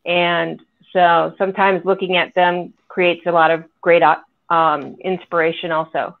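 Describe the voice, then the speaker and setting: A woman's voice: on the low side, level tone, unhurried, narrow, tinny audio. A woman guest on a livestream panel, chatting easily and repeating words as she goes. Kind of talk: casual livestream chat.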